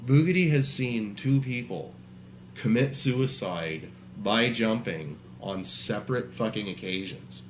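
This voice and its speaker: A man's voice: fairly low pitch, expressive, measured pace. Profane, rambling male storyteller. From Canada. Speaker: guest. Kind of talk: casual storytelling. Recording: dull lo-fi sound, faint hiss.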